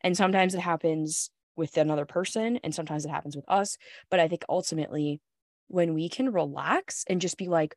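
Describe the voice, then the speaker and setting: A woman hosts a coaching podcast in a loose, candid chat, tossing in laughs and curse words without hesitation. Her voice sits a little low. The recording is dry, with no room sound. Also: brisk, darkish tone, no room sound. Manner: frank, laughing, swears freely. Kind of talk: casual podcast conversation.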